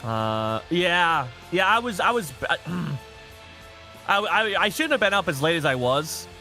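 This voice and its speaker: Lively high-voiced male streamer. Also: unhurried, faint music behind. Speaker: streamer hosting a wrestling game show. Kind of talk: casual live-stream chat.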